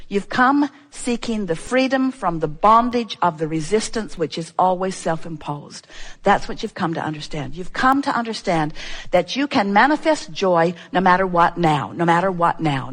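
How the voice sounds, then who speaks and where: Woman speaking as "we", emphatic repetition. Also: a little high. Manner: speaks as "we", repeats key phrases for emphasis; strings together rhetorical questions. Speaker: inspirational workshop speaker. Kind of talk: inspirational workshop talk to an audience.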